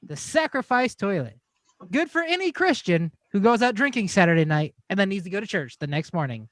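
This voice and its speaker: A male podcast co-host voices a joking mock commercial full of deadpan asides. His voice is high and very animated in pitch. The sound is dry and close, with no room echo. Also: fairly quick.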